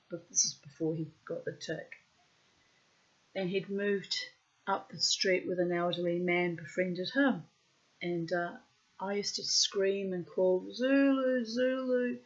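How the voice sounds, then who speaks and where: Blunt, salty woman telling tales. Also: fairly low pitch. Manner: blunt, salty, swears freely; animated, acts out quotes loudly. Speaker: storyteller. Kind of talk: personal anecdote monologue. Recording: muffled lo-fi recording.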